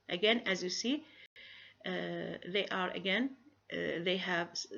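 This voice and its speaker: A woman giving a recorded grammar lecture, pausing often and asking rhetorical questions. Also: medium pitch, a bit bright. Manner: halting, many fillers and restarts, rhetorical questions. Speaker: grammar teacher. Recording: dull lo-fi recording.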